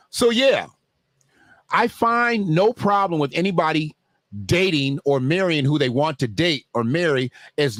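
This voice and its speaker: In a dry recording, a fairly high-pitched man hosts a livestream, talking directly to his viewers. His commentary is loose, joking and conversational.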